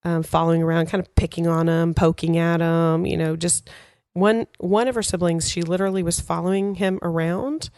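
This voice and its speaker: A woman in her thirties tells a story about her kids on a parenting podcast. Her voice sits a bit low, and she talks in an easy, chatty way. The sound is dry and close. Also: fairly even intonation, moderate pace, few pauses, darkish tone, clean tone, dry recording. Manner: laughing, storytelling, quotes kids in high voices. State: fighting a cold. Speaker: co-host. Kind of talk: casual podcast chat.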